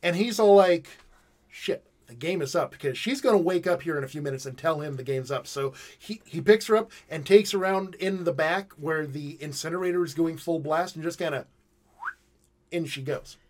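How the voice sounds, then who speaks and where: A man's voice: on the high side, a little fast. A man in casual movie talk, animatedly retelling scenes and acting out characters. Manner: animated storytelling, acts out characters.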